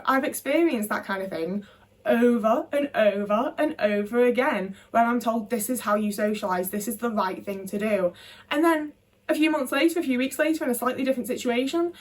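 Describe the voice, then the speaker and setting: A woman's voice: on the high side, far from the mic. A young woman talking to camera in a candid, frustrated monologue, swearing freely. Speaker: vlogger.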